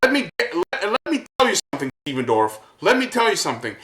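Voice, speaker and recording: A man ranting to camera as a vlogger, worked up and halting, repeating his words as he goes. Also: high-pitched, very animated, a bit bright, roomy sound, poor audio. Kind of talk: angry rant to camera.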